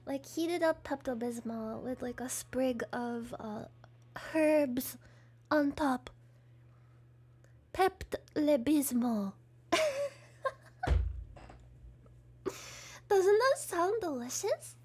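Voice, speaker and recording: Giggly, very high-voiced woman streamer. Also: animated, extremely slow, long pauses, darkish tone. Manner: giggly and rambling, heavy on "like". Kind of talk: casual live-stream chat.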